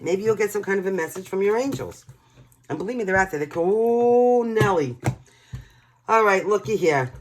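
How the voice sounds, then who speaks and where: A tarot reader from New York giving a casual, emotional reading straight to the viewers in a chatty way. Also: medium pitch.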